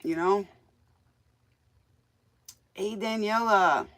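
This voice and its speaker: A woman's voice: medium pitch, drawn-out words. A woman with a smoky voice, chatting in a folksy, rambling way as she reads tarot cards for viewers on her show. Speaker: tarot reader and DJ host. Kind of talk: casual live tarot reading chat.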